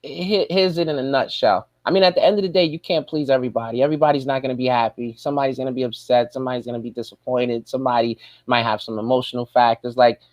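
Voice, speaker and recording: A man's voice: mid-range voice, fairly even intonation, fast talker, few pauses, darkish tone, no room sound, lo-fi sound. A man talking as a guest on a casual show, in a laid-back, rambling way, full of "man" and "you know". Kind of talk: casual chat.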